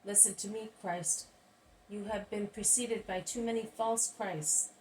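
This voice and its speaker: A woman's voice: mid-range voice, steady tone, unhurried, darkish tone, pitched above the performer's own voice, natural voice. A woman reading the part of a proud, hostile male scribe, in an insistent, scornful manner, from a distant mic with faint hiss. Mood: demanding.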